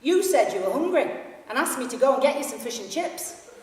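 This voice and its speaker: A woman voicing a loud, blunt middle-aged male fan on a train, with a Yorkshire accent, read aloud in an echoey hall from a distant mic. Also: on the high side, big pitch swings, normal speed, pitched above the performer's own voice. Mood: loud, chummy. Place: library hall.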